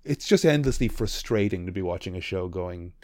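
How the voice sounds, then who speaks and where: Animated, sweary man ranting on a podcast. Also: low voice, brisk, no echo, clean studio sound. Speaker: podcast co-host. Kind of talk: casual chat.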